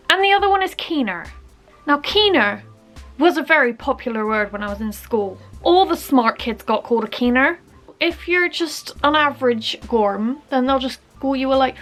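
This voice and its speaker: A young vlogger from Bristol, England, with a Bristolian accent, chats playfully in a comedic vlog and acts out little scenes. Her voice is high-pitched, animated, and a bit bright at a normal speed, with faint music behind.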